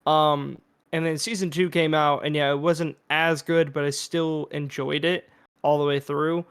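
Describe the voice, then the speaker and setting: A man's voice: fairly high pitch, little pitch movement, a little slow, clean tone. A man co-hosting a podcast in casual chat, hesitant, with many fillers and restarts. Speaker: podcast co-host.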